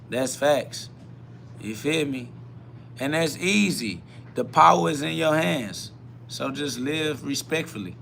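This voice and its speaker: A man hosting a live spiritual self-talk podcast, preaching in a repetitive style that swings from quiet musing to loud emphatic bursts. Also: on the high side, normal speed, creaky, faint music behind. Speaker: podcast host.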